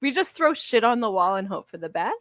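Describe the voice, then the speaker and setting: A woman's voice: fairly high pitch, big pitch swings, fairly quick, fairly bright tone, dry recording, clean studio sound. A woman co-hosting a podcast, teasing her friend, swearing and laughing often in casual chat. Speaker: podcast co-host.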